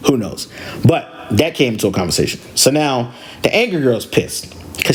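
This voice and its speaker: A man hosting a podcast, casually telling a story from driving rideshare, animated and full of slang. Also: medium pitch, moderate pace, breathy edge. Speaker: podcast host and rideshare driver.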